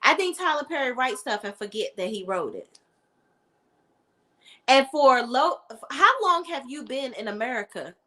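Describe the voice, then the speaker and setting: A sassy young woman chats to her viewers in a casual, opinionated TV review. Her voice sits a little high and has a sharp, bright edge. She talks in an animated way. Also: normal speed. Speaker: TV show reviewer.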